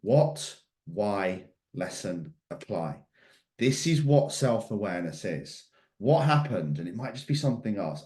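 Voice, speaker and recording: A man's voice: fairly low pitch, big pitch swings, unhurried, a little mellow. A middle-aged man giving a motivational mindset talk, emphatic and fond of repeated questions. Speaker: mindset coach. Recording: echoey room.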